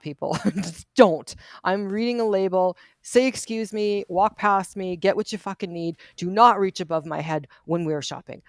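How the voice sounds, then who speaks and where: A woman's voice: lowish voice, no echo. A woman from Canada co-hosting a casual livestream chat, venting in an exasperated, profane way. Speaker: livestream co-host.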